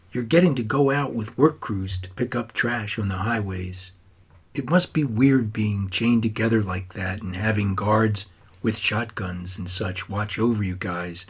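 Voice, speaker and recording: A man reading as a husky, low-voiced teenage boy, earnest and wistful. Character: troubled teenage boy writing to grandfather.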